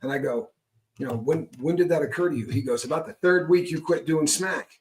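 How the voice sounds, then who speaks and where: A man's voice: fairly high pitch, a little fast. A middle-aged man talking frankly about recovery, emphatic and prone to tagging points with "right?". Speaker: guest speaker on recovery. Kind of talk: candid conversational talk.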